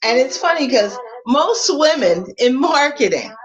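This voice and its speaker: A woman's voice: high voice, measured pace, low-quality recording. Chatty woman hosting a live sale. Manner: chatty, animated, addresses viewers as honey. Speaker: online flash sale host. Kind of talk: live sales chat.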